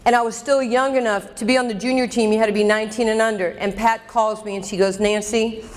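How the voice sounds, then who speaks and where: A woman in her fifties delivers a motivational keynote in an emphatic, direct way, with a somewhat high voice. Her words carry through a microphone into a large banquet hall with long reverb. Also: fairly even intonation, fast. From New York. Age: 50s. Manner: emphatic, direct, calls out audience members. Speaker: keynote speaker.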